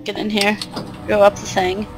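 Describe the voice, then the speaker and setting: A woman's voice: mid-range voice, level tone, normal speed, faint music behind, low-quality recording. A woman giving casual let's play commentary, chatty with muttered asides and mild swearing. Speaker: game player.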